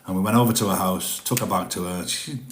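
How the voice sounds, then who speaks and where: A man's voice: deep voice, fast talker, slight background noise. Candid man, echoey room. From northeast England. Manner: candid, rambling, reads out viewer messages. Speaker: live-stream host. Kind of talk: casual live-stream chat.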